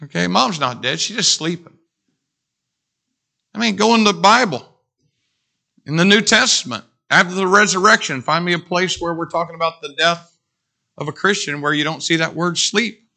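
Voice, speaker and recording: Gravelly, animated male preacher. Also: sits high, moderate pace. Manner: animated, preaching with whoops and asides. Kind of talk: sermon.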